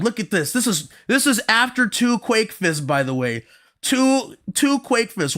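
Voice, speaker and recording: A man in a loose, heated podcast rant, his voice pitched high for a man and sharp in tone. He swears often, repeats lines for emphasis and slips into mocking imitations of the people he argues against. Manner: profane, animated, repeats himself, mocks others in quoted voices. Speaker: podcast host.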